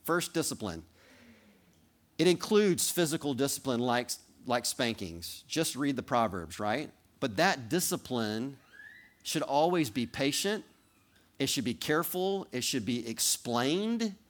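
A man's voice: medium pitch, sing-song, measured pace. A man preaching a sermon, speaking directly to the children in the congregation and acting out little role-plays. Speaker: pastor.

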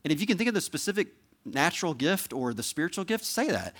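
A man's voice: fairly high pitch, sing-song, fast, a bit bright. A male pastor delivering a sermon in an earnest, conversational way, pleading with listeners and checking in with "right?" and "okay?".

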